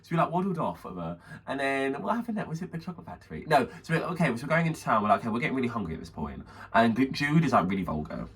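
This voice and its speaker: Rattling along with barely a pause, this male podcast co-host narrates a story, cursing liberally and doing impressions of its characters. His mid-range voice is sing-song, a bit bright, and husky, and a distant mic catches faint noise behind him.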